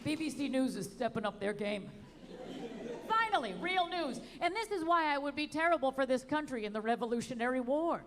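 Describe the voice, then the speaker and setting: A woman performing a wry, animated stand-up comedy set at an outdoor show. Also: sits high, brisk, in a large hall, a faint crowd. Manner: wry, animated delivery with sung bits.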